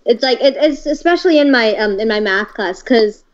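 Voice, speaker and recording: A teenage girl co-hosting a casual livestream, excitable and quick to chime in and laugh. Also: fairly high pitch. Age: teens. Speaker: livestream co-host. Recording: dull lo-fi mic sound.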